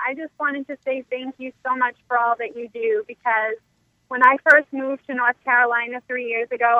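A woman calling in to a radio show by telephone, speaking gratefully and softly with many ums. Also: a little high, no echo. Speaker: caller. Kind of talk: phone-in call to a radio show. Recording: tinny phone line.

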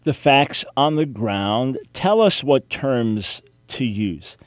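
A man's voice: mid-range voice, expressive, slow, dry recording. Emphatic sarcastic male talk radio host. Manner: emphatic, sarcastic, quizzing listeners rhetorically. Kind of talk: opinionated talk radio monologue.

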